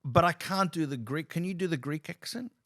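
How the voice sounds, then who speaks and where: A man's voice: fairly high pitch, a little fast. A man, a comedian hosting a casual conversation, telling stories animatedly with many restarts. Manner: animated storyteller, repeats and restarts while gesturing with his voice. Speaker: comedian and show host.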